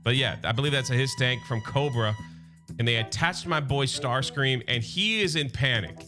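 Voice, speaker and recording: A man hosting a casual comic book recap, chatty and animated, talking straight to his fans. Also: medium pitch, moderate pace, music in the background.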